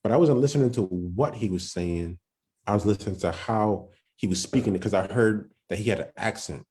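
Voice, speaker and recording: With a very deep, mellow voice, a man guesting on a podcast tells a casual story in fits and starts. He keeps restarting and leans on street slang throughout.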